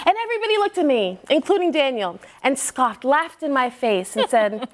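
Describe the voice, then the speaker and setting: A woman's voice: sits high, big pitch swings, normal speed, a little hiss or hum. A woman football reporter arguing her point on a sports debate show, playful and confident. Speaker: NFL reporter guest.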